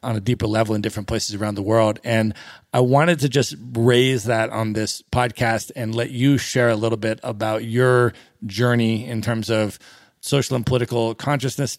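Flat-toned male podcast host. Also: mid-range voice, dry recording, studio quality. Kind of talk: interview question.

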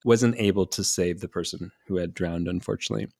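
A man hosting a podcast conversation, speaking in a reflective, calm way. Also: low-pitched, quick pace, vocal fry, no room sound, studio quality.

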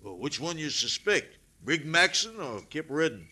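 An actor playing a suspicious frontier rancher with a folksy drawl in an old radio drama. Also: male voice, on the high side, sing-song, normal speed, sharp tone, husky, full character voice. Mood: wary. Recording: old radio recording with music.

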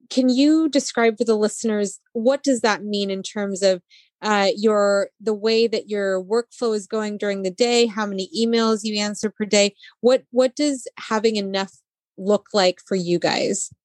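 A woman's voice: mid-range voice, fairly even intonation, measured pace, a little mellow, no echo. A woman hosting a podcast interview, asking long friendly questions. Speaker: podcast host.

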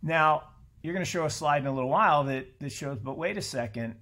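A middle-aged man talking as a podcast guest in a casual conversation, animated and blunt, swearing freely and often restarting his sentences. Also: on the high side, brisk.

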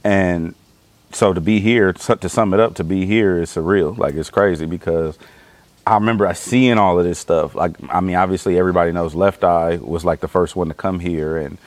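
A man from Los Angeles telling stories casually as an interview guest, animated and profane, acting out his own reactions. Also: low voice, a little fast, dry recording. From Los Angeles, California. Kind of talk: casual conversational storytelling.

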